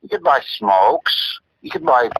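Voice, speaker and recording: An older man telling a story in casual chat, animated, repeating himself and acting out quotes. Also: medium pitch, measured pace, a little hiss or hum, rough recording.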